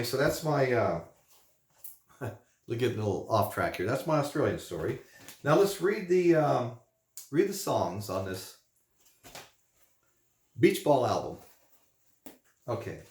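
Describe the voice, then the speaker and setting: A man hosting a vinyl unboxing show, telling rambling stories with lots of fillers and chuckles. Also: medium pitch. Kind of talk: casual storytelling. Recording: echoey room.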